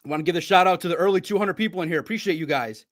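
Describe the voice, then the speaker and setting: A man hosting a live sports recap stream, talking in a rambling, excitable way with frequent laughs. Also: racing. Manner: animated swings between loud outbursts and low asides. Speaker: sports podcast host.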